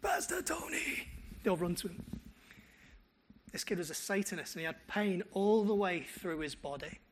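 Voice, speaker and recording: A man's voice: sits high, normal speed, a little hiss or hum. A male pastor, preaching a sermon and telling stories with quoted dialogue. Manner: animated storytelling with quoted dialogue.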